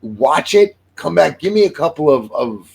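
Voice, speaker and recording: A man's voice: fairly high pitch, very animated, normal speed, vocal fry, crowd noise. A man in his sixties hosting a casual chat show, rambling through jokes and movie picks and swearing freely. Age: 60s. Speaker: podcast host.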